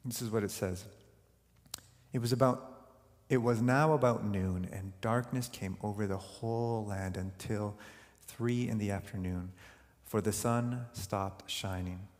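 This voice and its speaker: A man preaching a sermon as pastor, earnest and slowing down to dwell on key words. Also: on the low side, darkish tone. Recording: long hall reverb.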